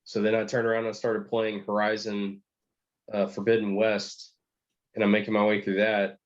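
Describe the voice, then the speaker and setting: A man's voice: on the low side, completely flat delivery, moderate pace, lo-fi sound. A man with a Texan accent, co-hosting a podcast, telling rambling joking stories in casual chat. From Texas. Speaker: podcast co-host.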